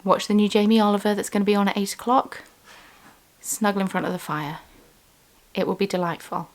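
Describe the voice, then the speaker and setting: A woman's voice: medium pitch, fairly even intonation, fairly quick. A woman running a small craft business, talking in a chatty, rambling way with lots of ums in a casual vlog. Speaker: small business owner and vlogger.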